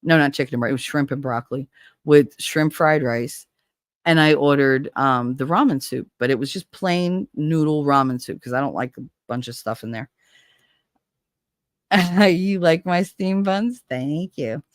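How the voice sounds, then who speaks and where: A woman's voice: deep voice, moderate pace, dry recording, clean studio sound. A middle-aged woman, chatting casually with viewers and telling stories with swearing and laughs. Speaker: livestream host.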